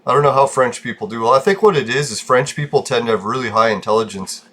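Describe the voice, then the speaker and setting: A man's voice: medium pitch, expressive, fast, fairly bright tone, breathy edge. A man hosting a gaming channel, chatting casually and rambling, swearing freely and laughing often.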